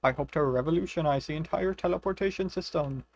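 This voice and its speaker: A man's voice: a little high, fast talker, vocal fry. A man doing a pompous boastful wizard inventor. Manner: pompous, self-satisfied.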